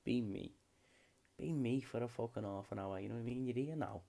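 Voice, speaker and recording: Gravelly, sweary British man. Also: mid-range voice, brisk, dark tone. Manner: rambling and heavy swearing. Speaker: podcast host. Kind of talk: unscripted solo comedy podcast.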